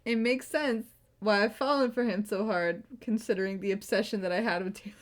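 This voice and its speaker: A woman's voice: mid-range voice, fairly quick. A woman in her late twenties, co-hosting a podcast, chatting casually with her best friend and recounting how she met her partner. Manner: relaxed, conversational, with frequent "like" and short backchannels. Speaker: podcast co-host. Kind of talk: casual chat between friends.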